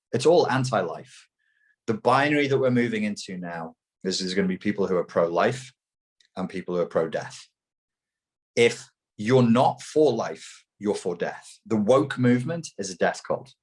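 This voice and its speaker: Low-voiced man ranting emphatically. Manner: emphatic, swearing, mocking. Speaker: interview guest. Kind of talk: heated opinionated talk.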